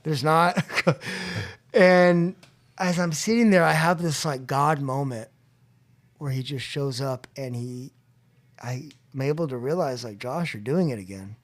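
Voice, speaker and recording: Podcast guest, male, somewhat high voice; lively storyteller who acts out quotes, then drops quiet. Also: slow pace. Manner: animated, acts out quotes with rising pitch and loudness; drops to a quiet, low voice when reflective. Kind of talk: storytelling in a recovery podcast interview. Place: room at a convention.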